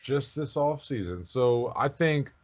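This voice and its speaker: A young man co-hosting a sports podcast, opinionated and quick to chime in. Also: mid-range voice, animated, muffled recording. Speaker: podcast co-host. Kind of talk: casual sports chat.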